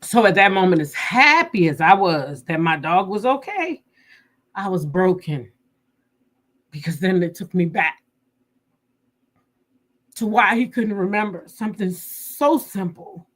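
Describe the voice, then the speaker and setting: A woman telling viewers a personal story in a casual, animated and emotional way. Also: medium pitch, unhurried, long pauses. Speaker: vlogger.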